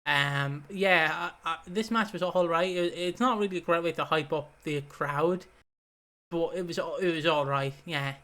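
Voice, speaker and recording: A man's voice: on the high side, bright, forceful tone. A man co-hosting a wrestling podcast in casual chat, rambling and swearing freely. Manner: swearing, rambling, quick asides. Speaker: podcast co-host.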